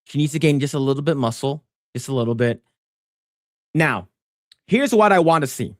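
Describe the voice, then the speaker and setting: A man co-hosting a casual podcast chat who rambles with many restarts and stammers and gets animated when pressing a point. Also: medium pitch, moderate pace, no room sound, studio quality. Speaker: podcast co-host.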